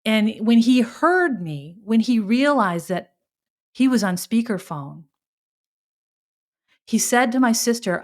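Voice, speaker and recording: A woman hosting a podcast, telling a personal story in a reflective, halting way, with sighs and restarts. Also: fairly high pitch, lively intonation, a little mellow. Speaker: podcast host.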